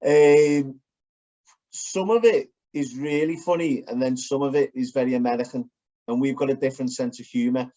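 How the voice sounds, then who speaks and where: A man's voice: medium pitch, fairly even intonation, normal speed, dark tone. A man with a Liverpool accent, co-hosting a podcast in casual chat and telling blunt, sweary stories. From Liverpool, England. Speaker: podcast co-host. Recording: dull lo-fi sound.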